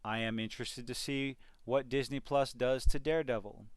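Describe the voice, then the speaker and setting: A man's voice: mid-range voice, steady tone, normal speed, clean tone, dry recording. A man giving an exasperated, sarcastic rant in a video review of a TV series. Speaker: TV review vlogger.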